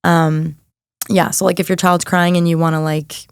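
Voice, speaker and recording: A young woman guesting on a podcast as a mindset and nervous system coach speaks in a lowish, fairly flat, creaky voice at a moderate pace, clear and resonant. She chats earnestly and encouragingly to listeners, filling her speech with lots of "like"s. The recording is dry, with clean studio sound.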